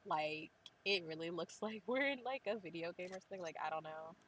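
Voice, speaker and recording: A young woman gives a chatty game tour, voice sitting a little low for a woman. She gushes over everything and fills her talk with "like." A faint hum of ambience sits behind her. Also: brisk, fairly bright tone, rough recording. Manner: chatty, gushing, says "like" constantly. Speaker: gaming channel host. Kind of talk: casual game tour commentary.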